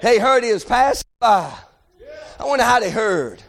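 A man preaching a fervent sermon, often shouting and calling out amen. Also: very high voice, expressive, moderate pace, gravelly, a crowd in the background.

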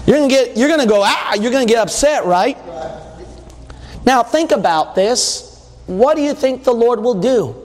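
High-voiced male preacher in a reverberant hall. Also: lively intonation, normal speed, a little mellow. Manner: conversational preaching, reading scripture aloud and questioning the audience. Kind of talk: sermon.

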